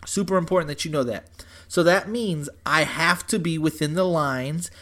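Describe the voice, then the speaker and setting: A young man telling a story in casual chat, animated and profane, saying "dude" and "bro" constantly. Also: a little high, normal speed.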